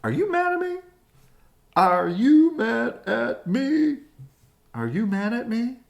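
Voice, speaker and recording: A woman voicing an anxious little female bird in a storybook, high and pleading. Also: lively intonation, slow pace, creaky, heavily acted. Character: anxious little bird girl, worried, jittery.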